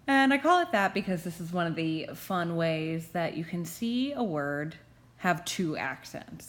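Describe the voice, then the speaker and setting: Low-voiced lady prof walking through grammar rules, slow and patient, says each term twice. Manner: patient, methodical explaining, repeats each term. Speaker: professor. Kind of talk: recorded grammar tutorial.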